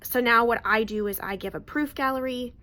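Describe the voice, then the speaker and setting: A woman's voice: fairly high pitch, a little fast, bright, forceful tone. A woman in her thirties, a newborn photographer, telling a client story to the camera in a chatty, emphatic way. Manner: chatty, emphatic, repeats words for stress.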